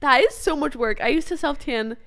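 A young woman co-hosting a casual chat podcast, reacting with quick, enthusiastic agreement. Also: high-pitched, lively intonation, bright, forceful tone. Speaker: podcast co-host.

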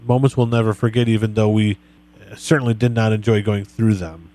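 A man hosting a podcast interview, talking in a relaxed, friendly way as he asks his guest questions. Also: lowish voice, a little fast. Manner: relaxed, friendly, reads quotes back to the guest. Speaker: podcast host. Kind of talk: conversational interview.

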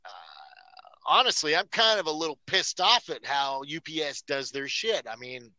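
Profane, ranting man with a bright voice. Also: a little high, moderate pace, no room sound, low-quality recording. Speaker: podcast host. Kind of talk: casual podcast chat.

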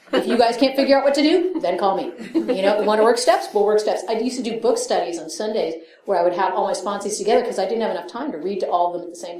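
A woman's voice: mid-range voice, warm tone, reverberant. A middle-aged woman speaking candidly at a recovery meeting, swearing freely, laughing often and acting out the voices of people she quotes. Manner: profane, self-mocking, laughs often, acts out quotes. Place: meeting hall.

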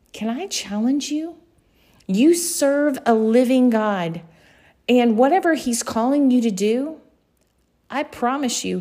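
A woman's voice: mid-range voice, dark tone. A woman preaching a sermon, earnestly exhorting her listeners with direct questions.

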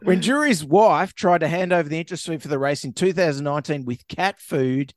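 A man's voice: fairly high pitch, brisk, dry recording, clean studio sound. A man co-hosting a comedy podcast, reading a news story aloud and joking around. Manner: jokey, reads news story aloud with asides. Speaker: podcast co-host. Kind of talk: casual comedic podcast chat.

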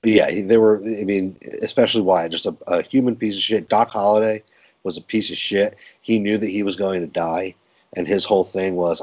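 A man's voice: low voice, fairly even intonation, a little fast, a little mellow. A man talking in a blunt, profane way on a casual movie review podcast. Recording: dull lo-fi podcast audio.

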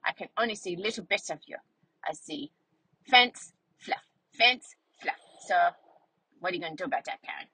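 A woman voicing a cheerful, chatty young female schnauzer dog, telling a story with a childlike, rambling, playful manner and a breathy voice. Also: lowish voice, moderate pace, sharp tone, dry recording, heavily acted, low-quality recording. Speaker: vlog narrator in character. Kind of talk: storytelling in character.

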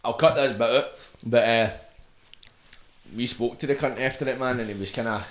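A Scottish man hosting a podcast, telling stories in a sweary, slangy, animated way. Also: medium pitch, normal speed. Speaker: podcast host. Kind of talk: casual chat. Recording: roomy echo.

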